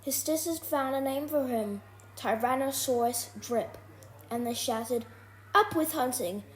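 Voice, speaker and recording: Woman, storybook reader, expressive rhythmic read-aloud, slow pace, fairly high pitch.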